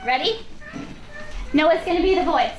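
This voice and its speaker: High-voiced teacher woman in an echoey classroom. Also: normal speed, lo-fi sound. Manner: animated, coaxing questions to children. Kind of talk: classroom drama lesson with children. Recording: echoey room from far off with background noise.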